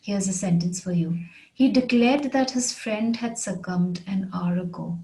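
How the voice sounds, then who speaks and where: A woman's voice: medium pitch, measured pace, mellow, poor audio. A woman teaching an English pronunciation lesson, spelling each word out letter by letter and repeating it. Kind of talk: slow scripted pronunciation lesson.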